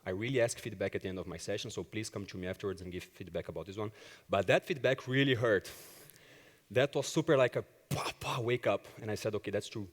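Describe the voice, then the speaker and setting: Man giving a lively conference talk. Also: fairly low pitch, fast, in a large hall. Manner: animated storyteller who acts out dialogue. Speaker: agile coach and conference speaker. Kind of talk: conference talk with personal anecdotes. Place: conference hall stage.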